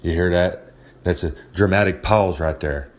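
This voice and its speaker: A man's voice: low-pitched, normal speed, lightly acted. A man playing a cocky wrestler blowhard. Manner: cocky, rambling, talks down to listeners. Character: brash boastful male pro wrestler persona. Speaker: recurring segment host. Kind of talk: comedic rambling monologue.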